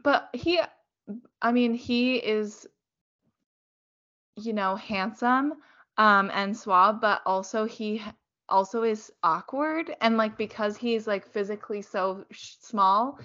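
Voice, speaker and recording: A woman's voice: mid-range voice, slow, bright, forceful tone. A woman co-hosting a podcast in casual chat, emphatic and agreeable as she thinks aloud. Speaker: podcast co-host. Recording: slightly muffled podcast audio.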